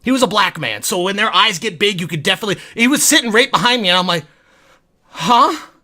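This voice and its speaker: A man's voice: high voice, lively intonation, very fast, bright, forceful tone. A man telling a story to his viewers in a casual, self-deprecating way, rambling and stumbling over restarts. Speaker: vlogger.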